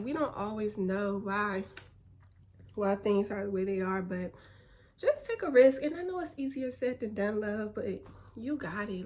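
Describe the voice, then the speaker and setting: A young woman in a relaxed, slangy motivational chat, calling her viewers "baby". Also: on the high side. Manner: laid-back, slangy, spiritual encouragement, calls viewers "baby". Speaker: vlogger.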